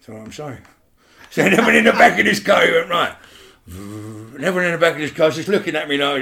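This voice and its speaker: A middle-aged man telling a rough story in an interview, swearing freely and checking in with "right?". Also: fairly high pitch, very animated, fast talker, sharp tone. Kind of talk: animated storytelling.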